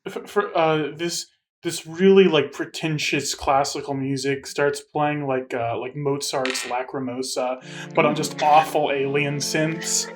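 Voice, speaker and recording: A man's voice: fairly high pitch, steady tone, measured pace, over music. A man narrating his move in a tabletop game with vivid storytelling. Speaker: player.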